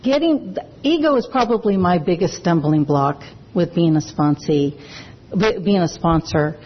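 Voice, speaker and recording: A woman speaking at a recovery meeting, sharing her own story earnestly and haltingly, often restarting her sentences. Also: lowish voice, lively intonation, a little hiss or hum. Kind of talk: personal sharing talk. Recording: dull lo-fi recording.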